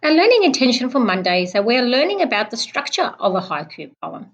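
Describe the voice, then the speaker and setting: A young woman, a primary school teacher giving a recorded online lesson, explaining slowly and patiently. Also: on the high side, very animated, lo-fi sound. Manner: clear, slow, patient explaining, clapping out syllables.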